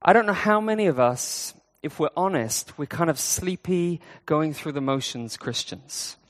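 A man delivers a sermon in a loose, conversational style, pausing and restarting as he goes. His voice sits a touch higher than most men's, and it rings with the long reverb of a church hall. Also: animated. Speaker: preacher.

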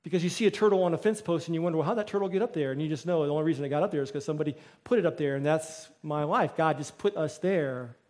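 A middle-aged man, a pastor, preaching a sermon with lively storytelling and acted-out quotes. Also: a little high, rapid-fire, hardly any pauses. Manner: storytelling, acts out quoted voices.

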